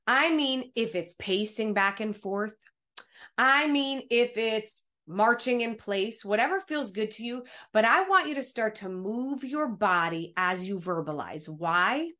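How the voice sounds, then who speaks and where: Woman, speaking coach, online workshop, encouraging, slightly high voice, video call. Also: unhurried. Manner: energetic, encouraging, speaks straight to listeners.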